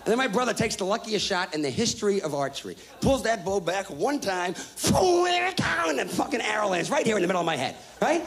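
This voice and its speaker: A thirty-something comedian rattles off a crude story onstage in front of a live audience, brash and fast, yelling the punchlines. He pitches high and sounds expressive.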